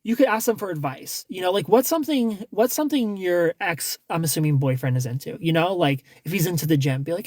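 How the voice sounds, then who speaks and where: A man's voice: fairly high pitch, fast, hardly any pauses, darkish tone, no echo. A man hosting a casual livestream, giving blunt dating advice with lots of restarts and some swearing.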